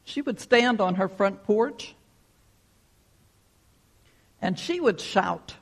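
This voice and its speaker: A man's voice: sits high, expressive, slow, vocal fry, pauses often. A man preaching a sermon, telling a folksy story and leading a prayer. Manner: folksy storytelling, acts out shouted quotes. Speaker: pastor.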